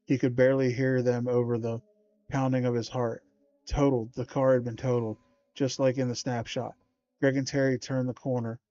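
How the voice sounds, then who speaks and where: Flat-voiced man reading a spooky kids' book. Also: mid-range voice, moderate pace. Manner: steady read-aloud with small stumbles and slangy asides. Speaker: livestream host. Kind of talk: reading a children's horror book aloud. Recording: dull lo-fi stream audio.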